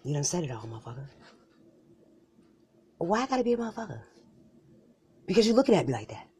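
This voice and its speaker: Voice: medium pitch, big pitch swings, fast talker, mellow, slightly rough. A performer in a solo comedy skit voicing both sides of a bickering couple, with slangy, profane banter and mumbled asides. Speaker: comedic podcaster.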